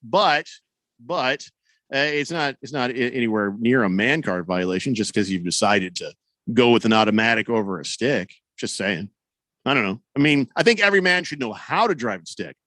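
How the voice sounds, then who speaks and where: A man's voice: mid-range voice, lively intonation, normal speed, a bit bright, no echo. Rambling sports radio host, man. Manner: rambling, self-correcting, wry. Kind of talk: casual radio talk reading listener messages. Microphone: studio broadcast mic.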